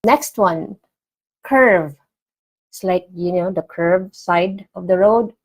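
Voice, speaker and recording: Woman, language teacher, low voice, slow careful repetition for learners. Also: poor audio. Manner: repeats each word slowly and clearly for learners. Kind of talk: casual online language lesson.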